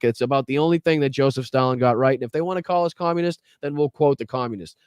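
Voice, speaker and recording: Blunt profane Boston podcast host. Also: male voice, medium pitch, quick pace, few pauses, darkish tone, smooth, dry recording. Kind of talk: live-stream political commentary.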